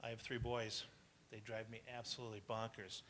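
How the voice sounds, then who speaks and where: This man's medium-pitched voice is monotone, a little fast and fairly bright, with slight background noise. Addressing entrepreneurs live at a business event, he offers motivation through chatty anecdotes, laughs a lot and quizzes the crowd.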